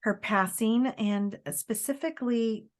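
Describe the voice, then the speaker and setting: Halting higher-voiced woman giving a reading. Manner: halting, searching delivery with many fillers and restarts; relays messages by quoting the spirit in first person. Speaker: psychic medium. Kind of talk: live spirit reading for an audience member.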